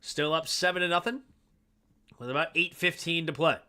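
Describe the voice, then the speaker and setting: Excitable bright-voiced man calling plays. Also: a little high, normal speed. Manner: excitable, bursts of loud reactions over steady calls. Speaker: fan livestream host doing play-by-play. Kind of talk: live play-by-play and analysis.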